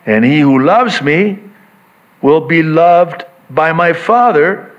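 Animated man preaching slowly. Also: on the high side, highs cut off. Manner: animated preaching, acting out quoted voices. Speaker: pastor. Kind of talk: sermon.

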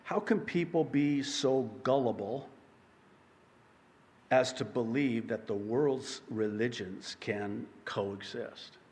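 A man preaching a sermon as pastor, emphatic, swinging between loud yelling and hushed, quiet passages. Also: medium pitch, slow, big-room sound.

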